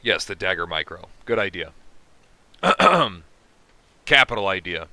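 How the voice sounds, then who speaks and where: A man's voice: sits low, very animated, a little slow, bright, forceful tone, no echo. A man hosting a casual livestream, reading chat comments aloud and answering them with profane jokes. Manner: profane, joking, reacting to chat. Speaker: livestream host.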